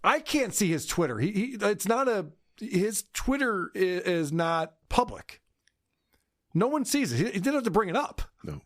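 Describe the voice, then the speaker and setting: A man's voice: high-pitched, sing-song, normal speed, a bit bright, dry recording, studio quality. A man hosting a podcast, recapping a feud with crude, laughing sarcasm. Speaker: podcast host. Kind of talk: mocking podcast commentary.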